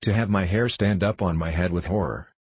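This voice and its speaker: A playful young queen who coaxes and teases with endless questions, read by a man. The voice stays deep and slightly husky, recorded close and dry. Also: fairly quick, no echo. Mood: wistful, pleading. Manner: coaxing, teasing questions.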